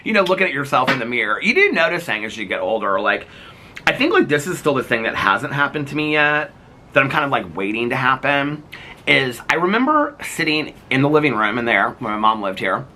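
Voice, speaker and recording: A man's voice: mid-range voice, big pitch swings, brisk, bright, forceful tone, slight background noise. A man in his fifties chatting casually and rambling in a daily vlog, laughing often. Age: 50s. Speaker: vlogger. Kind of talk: casual chat.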